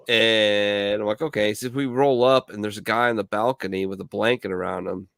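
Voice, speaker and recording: A man's voice: lowish voice, steady tone, a little fast, creaky, few pauses, clear, resonant tone, dry recording. Brief: veteran man, show regular, swears freely, rambles through bar stories, dry close mic. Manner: profane, rambling, laughs loudly. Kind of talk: casual bar banter, storytelling.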